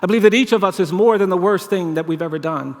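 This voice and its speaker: A man delivers a storytelling keynote from a large conference hall, and his words ring out with a long reverb. His voice sits fairly high for a man, and he builds each point through measured, repeated phrases. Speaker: keynote speaker at a leadership conference.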